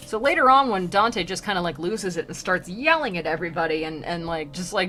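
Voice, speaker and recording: A woman's voice: lowish voice, animated, fairly quick, few pauses, sharp tone. Chatty woman streamer discussing a poem. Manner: chatty, lots of filler words, amused. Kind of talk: casual commentary on a classic poem.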